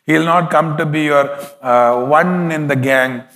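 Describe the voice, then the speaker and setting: A man's voice: fairly high pitch, measured pace, a bit bright, in a large hall. A man preaching a sermon as pastor, emphatic, with frequent hallelujahs.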